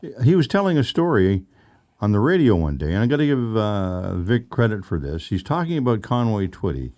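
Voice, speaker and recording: A man's voice: lowish voice, very animated, brisk, a little mellow. An older man from Canada co-hosting a podcast, telling stories casually with lots of fillers and chuckles. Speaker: podcast co-host. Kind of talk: casual storytelling chat.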